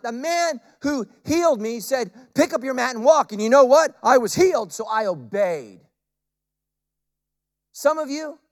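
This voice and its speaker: A male pastor preaching a sermon, animated and humorous, swinging from loud bursts to quiet, intense asides. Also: sits high.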